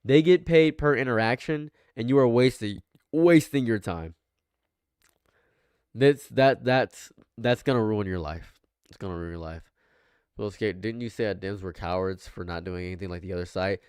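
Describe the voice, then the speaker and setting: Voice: mid-range voice, moderate pace, a little mellow, smooth, dry recording, clean studio sound. A livestream commentator reacting live, ranting emphatically and repeating phrases for effect.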